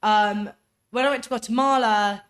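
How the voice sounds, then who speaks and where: A young woman from England with an English accent, telling travel stories on a casual podcast, loud and chatty. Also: on the high side, steady tone, normal speed. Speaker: podcast co-host. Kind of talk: casual chat, storytelling.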